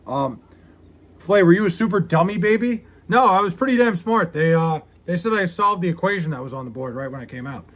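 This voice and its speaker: A man's voice: high voice, lively intonation, a little fast, fairly bright tone. A man running a casual live stream, reading viewers' comments aloud and answering with profane, self-mocking banter. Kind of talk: casual livestream chat.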